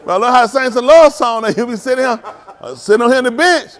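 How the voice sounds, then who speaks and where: Here the pastor talks fast, his high, lively voice springing into mock singing as he playfully calls out young people by name. It's an informal sermon with youth check-ins in a congregation hall, delivered in Southern Black vernacular phrasing.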